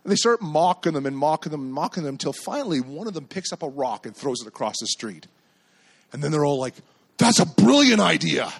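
A male pastor from Canada delivers a sermon in a slightly husky voice that sits a little high for a man. He swings his pitch widely as he tells stories, acts out the voices in them, and shouts at the high points. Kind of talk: sermon with storytelling.

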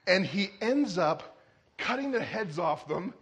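Man preaching a sermon, high and bright, animated and shouty when telling stories. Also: a little slow, breathy edge. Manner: animated storytelling, shouting in character voices. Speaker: pastor.

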